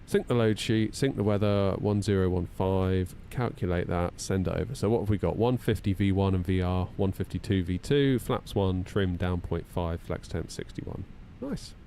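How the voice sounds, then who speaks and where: Low-voiced, jokey man in his thirties. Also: moderate pace, vocal fry, hardly any pauses, dark tone, a little hiss or hum. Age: 30s. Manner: chatty, jokey banter with viewers, self-mocking. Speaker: flight sim streamer. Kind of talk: live-stream chat while flying a simulator. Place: home simulator room.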